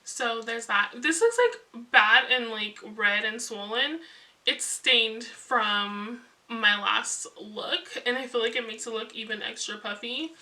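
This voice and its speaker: A young woman with a high, very bright voice chats to camera in a flustered, hurried way, laughing at herself. She sits a little away from the mic, and faint music plays underneath. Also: far from the mic. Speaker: beauty vlogger. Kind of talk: casual chat to camera.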